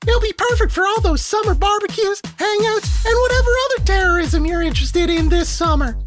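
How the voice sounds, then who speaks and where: A woman voicing a squeaky, hot-tempered milkshake mascot reading a sing-song ad. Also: fairly quick, soft background music. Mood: chirpy. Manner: sing-song ad read turning to cursing tirade.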